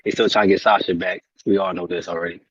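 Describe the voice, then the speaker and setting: A man's voice: low-pitched, little pitch movement, fast talker, fairly bright tone, slightly rough, no echo, highs cut off. A man co-hosting a casual wrestling podcast, talking in blunt slangy banter and repeating himself. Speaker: podcast co-host. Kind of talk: casual chat.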